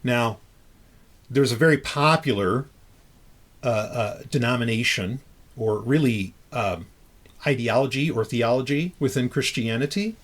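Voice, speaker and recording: A man at an ordinary middle pitch hosts a podcast in relaxed conversation. He talks loosely, circling back and restarting his sentences and dropping casual curses along the way. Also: a little slow. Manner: loose and talkative, swears casually, many restarts. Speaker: podcast host.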